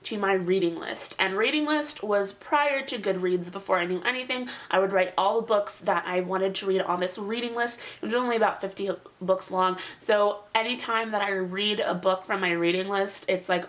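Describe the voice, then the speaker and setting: A woman's voice: medium pitch, normal speed, few pauses. A young woman chatting through a review of the books she has read lately, acting out her reactions and leaning on "like" a lot. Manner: chatty, animated, lots of "like" and quoted reactions. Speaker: book reviewer. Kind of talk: casual book review monologue. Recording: slightly dull lo-fi audio.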